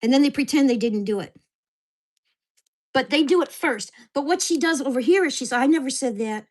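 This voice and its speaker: A woman's voice: sits high, animated, moderate pace. Agitated older woman venting. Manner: agitated, swearing rant. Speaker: vlogger. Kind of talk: venting to camera. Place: at home in a mobile home park.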